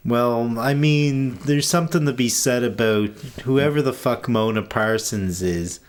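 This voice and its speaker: A man's voice: mid-range voice, measured pace. A man co-hosting a podcast, chatting casually and jokingly about a film, swearing freely. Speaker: podcast co-host. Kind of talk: casual movie chat.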